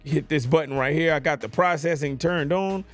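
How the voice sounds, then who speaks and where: A playful man with a voice pitched a little higher than most, chatting through a hands-on gear demo. He jokes around and keeps checking that the listener is following him. He talks into a podcast microphone in a quiet home studio, with soft music faintly underneath. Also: moderate pace. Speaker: tech gear reviewer. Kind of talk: casual product demo. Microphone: USB podcast mic on desk.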